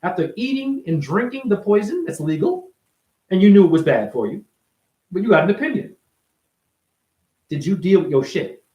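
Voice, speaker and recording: Profane man with a wildly swinging pitch. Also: sing-song, dull audio. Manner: profane, mocking, swings between shouting and murmuring; rapid rhetorical questions at the viewer. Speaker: self-styled spiritual vlogger. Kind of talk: unscripted monologue to camera.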